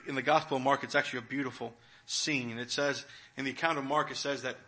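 A man preaching a sermon, retelling a scripture story and swinging between hushed, quiet moments and loud, dramatic ones. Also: on the high side. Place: church.

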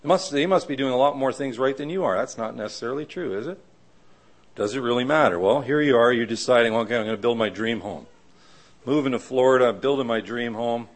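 A middle-aged man preaching a conversational sermon who keeps asking the audience "right?" and acts out the people he quotes in sudden high voices. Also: fairly quick. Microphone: live audio of a church talk.

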